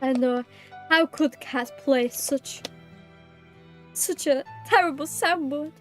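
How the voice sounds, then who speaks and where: Bubbly high-voiced British streamer woman. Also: slow pace, a bit bright, soft background music. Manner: bubbly, giggly, apologetic, reading chat aloud. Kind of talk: casual live-stream chat.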